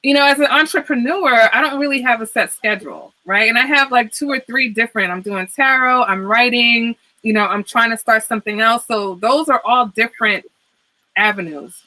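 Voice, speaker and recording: A woman's voice: a little high, moderate pace, sharp tone, no echo, low-quality recording. A woman who reads tarot, a guest on a podcast, talking casually and reflectively and often tagging her points with "right?". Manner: reflective, frequent "right?" and "okay?" tags. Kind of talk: casual conversation.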